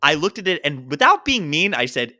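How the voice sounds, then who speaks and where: A man with a fairly high, bright voice tells stories on a casual podcast. He is animated and swings his pitch widely, slipping into quick impressions of the people in his tales. He talks like a lively co-host in easygoing chat. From Baltimore. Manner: animated storyteller, acts out quotes.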